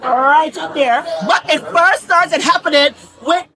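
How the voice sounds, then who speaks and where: A woman's voice: high voice, unhurried, background noise. A woman arguing with police on a bodycam, defiant and dismissive, repeating herself. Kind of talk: heated bodycam confrontation.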